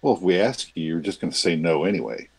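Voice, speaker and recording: A man's voice: low-pitched, very animated, fast talker, darkish tone, husky. A man co-hosting a casual political chat, with dry, sarcastic remarks.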